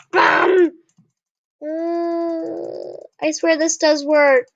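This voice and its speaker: A young woman hosts a gaming channel, chatting casually about her gameplay and often getting frustrated and apologizing to viewers. Her voice sits high with a fairly bright tone. There's no echo, though the recording has a dull, lo-fi sound.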